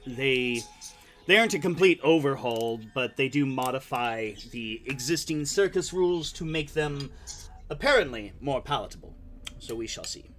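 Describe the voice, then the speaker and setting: A man's voice: medium pitch, animated, normal speed, fairly bright tone. A man running a tabletop game as game master, narrating and chatting in a meandering way with many fillers. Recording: faint music behind.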